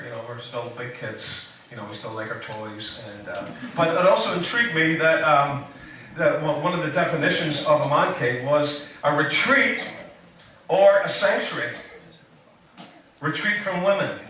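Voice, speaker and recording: A man's voice: on the high side, bright, forceful tone. A man giving a casual sermon, rambling with joking asides and many fillers. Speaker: preacher. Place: church hall. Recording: echoey room, voice from a distance.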